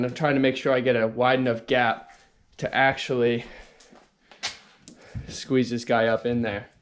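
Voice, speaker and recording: A young man on his own car repair channel. He talks through the job as he works, casual and thinking out loud, with an average-pitched voice. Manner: talks while working, thinks aloud. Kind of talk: casual hands-on explanation.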